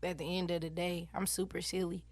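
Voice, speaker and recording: A woman in her twenties, an animated and blunt interview guest who swears freely. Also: lowish voice, fairly quick, no echo. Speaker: interview guest, battle rapper. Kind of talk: casual interview chat.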